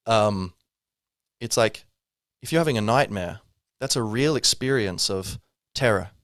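A man's voice: fairly low pitch, measured pace, fairly bright tone, dry recording, studio quality. A man hosting a podcast, musing in a casual, rambling way with wry asides. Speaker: podcast host. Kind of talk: reflective spiritual monologue.

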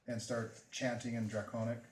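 A man playing a tabletop game, describing his character's actions haltingly with many fillers. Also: mid-range voice, little pitch movement. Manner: halting, searching for words. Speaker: player. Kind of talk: tabletop role-play. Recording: echoey room.

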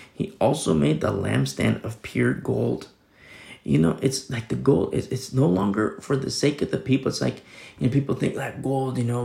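A man's voice: medium pitch, creaky, mellow, reverberant. A man preaching a sermon in a casual, conversational way, reading scripture and explaining it with everyday fillers. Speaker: pastor.

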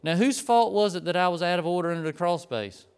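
A middle-aged man preaching, telling a lively personal story and acting out the people in it. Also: sits high, quick pace, clear, resonant tone. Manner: animated storyteller, acts out the people in his story. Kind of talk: storytelling sermon.

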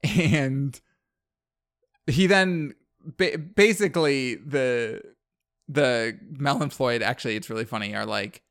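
A man's voice: mid-range voice, slow, fairly bright tone. A man hosting a podcast who casually recaps a movie in a rambling way, leaning on the word "like" and laughing at his own retelling.

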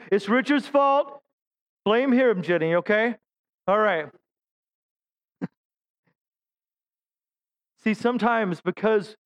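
A middle-aged male pastor with a fairly high, smooth, resonant voice, preaching with humor and self-deprecating stories. He addresses the congregation directly and often asks them to agree. The sound is dull and lo-fi. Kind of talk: sermon.

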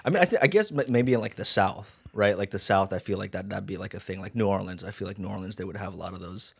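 A man's voice: deep voice, fast talker, vocal fry, husky. A young man hosting a podcast, chatting casually and agreeing with short affirmations, peppered with "dude" and "bro". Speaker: podcast host. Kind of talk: casual chat.

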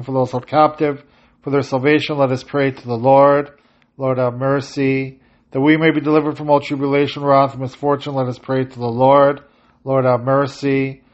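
A man leading a prayer service, chanting and intoning the prayers, with short plain-spoken asides between them. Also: medium pitch. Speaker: prayer leader. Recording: slightly dull lo-fi audio.

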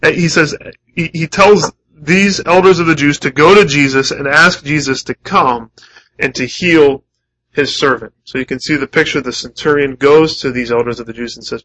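A man's voice: fairly high pitch, normal speed, fairly bright tone, poor audio. A man preaching a sermon, emphatic and repeating key phrases, with rhetorical questions to the congregation. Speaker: pastor.

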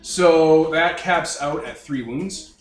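A man runs a tabletop game in a casual, halting way, his voice sitting a bit high. He sounds somewhat distant from the mic in a room with noticeable echo, with soft music underneath. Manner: casual, halting with fillers and restarts. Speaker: game master.

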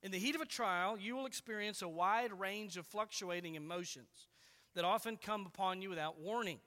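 A man with a high, bright voice preaches a sermon in a church hall where the sound rings with long reverb. He speaks earnestly and deliberately and slows down to lean on key words.

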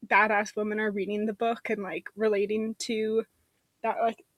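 A woman's voice: medium pitch, little pitch movement, normal speed, no echo. A woman author chatting casually on a podcast, upbeat and chatty. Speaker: author guest.

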